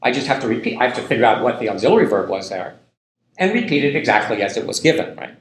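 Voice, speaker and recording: A man's voice: mid-range voice, sing-song, fast. A man giving a university linguistics lecture in a loose, conversational way, full of ums and tag questions. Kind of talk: classroom lecture. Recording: echoey lecture hall.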